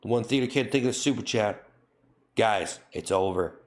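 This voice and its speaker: Streamer, male, low-pitched, mock-serious scolder on a comedy live stream. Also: moderate pace. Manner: mock-stern, scolding, repetitive. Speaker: livestreamer.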